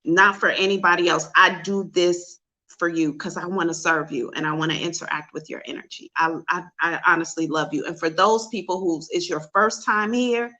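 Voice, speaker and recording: A woman's voice: fairly low pitch, steady tone, normal speed, pushed and bright. A woman psychic host giving an emotional, confessional talk to her livestream viewers over a webcam.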